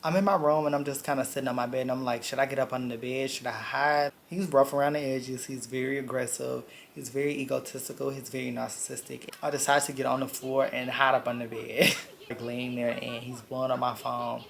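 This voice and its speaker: Gravelly-voiced man. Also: mid-range voice, little pitch movement, brisk, a little hiss or hum. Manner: blunt, profane, dramatic retelling. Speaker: vlogger. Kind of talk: casual storytime vlog.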